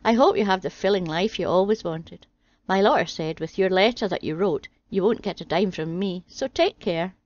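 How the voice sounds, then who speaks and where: A woman reading a string of jokes aloud in a steady, deadpan way. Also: medium pitch, moderate pace, no room sound. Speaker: channel host reading jokes. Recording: dry, slightly dull home audio.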